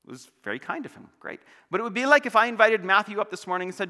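A man's voice: high voice, animated, racing, few pauses, sharp tone. A male pastor preaching a sermon in a church, playful and joking as he tells stories. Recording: long church hall reverb.

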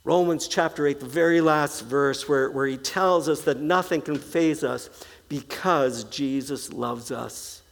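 A pastor preaching a slow, deliberate sermon, his fairly high voice carrying a gravelly edge. He lingers on key phrases and repeats them softly. A long church-hall reverb trails after each line. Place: church sanctuary.

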